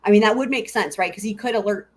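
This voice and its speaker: A woman's voice: medium pitch, fast talker. A woman hosting a live stream, chatting casually and giggling as she answers her viewers.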